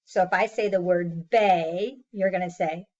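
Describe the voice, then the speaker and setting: Patient, slow-talking woman teacher. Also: on the low side, steady tone, darkish tone, dull audio. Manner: slow, patient, sounds out words and praises often. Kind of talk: phonics lesson for young children.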